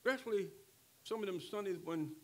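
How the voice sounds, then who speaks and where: An older man preaching a sermon, who keeps checking in with the congregation and moves from quiet talk to shouting. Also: high voice, animated, brisk. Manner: call-and-response preaching, swings from soft talk to shouting. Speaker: pastor.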